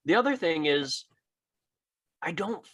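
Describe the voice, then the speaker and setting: A man's voice: fairly high pitch, expressive, takes it slowly, fairly bright tone, husky. A man co-hosting a podcast, chatting casually with dry, joking, profane asides. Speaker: podcast co-host. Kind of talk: casual chat.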